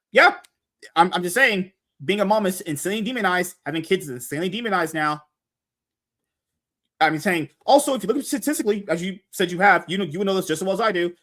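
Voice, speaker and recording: Animated, argumentative American woman. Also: low-pitched. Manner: emphatic, argumentative. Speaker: guest debater. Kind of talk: casual debate chat.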